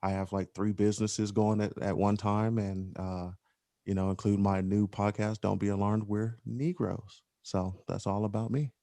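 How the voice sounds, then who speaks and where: A man from Colorado Springs, a guest who is an entrepreneur, talking in an easygoing, joking, unhurried way. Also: fairly low pitch, little pitch movement, gravelly, mellow, no echo. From Colorado Springs, USA. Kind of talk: casual podcast conversation.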